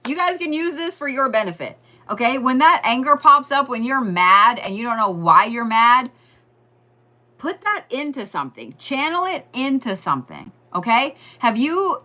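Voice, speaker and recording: Bright-voiced woman giving a joking astrology reading. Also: on the high side. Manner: rambling, joking, swearing, talks straight to listeners. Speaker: astrology and Reiki host.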